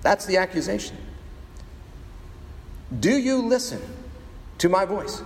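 A man with a strikingly high voice preaching a sermon. He uses slow, weighty pauses and rhetorical questions. His voice carries a long reverb, as in a big hall. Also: sing-song, a little hiss or hum. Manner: dramatic preaching, rhetorical questions, sound effects. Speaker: pastor.

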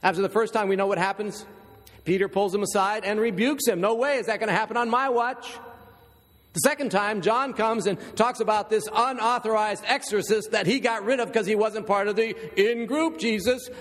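A man with a high voice preaches a sermon in a church. He reads scripture, then turns to casual stories and asides to the congregation. His voice rings with the long reverb of a large hall. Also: normal speed, a bit bright. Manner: storytelling, conversational asides to the congregation. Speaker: pastor.

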